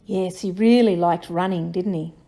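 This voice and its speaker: A woman's voice: fairly low pitch, normal speed, vocal fry, warm tone. A woman reviewing a story with young children, asking questions and encouraging their answers. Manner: encouraging, sing-song tag questions. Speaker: children's teacher.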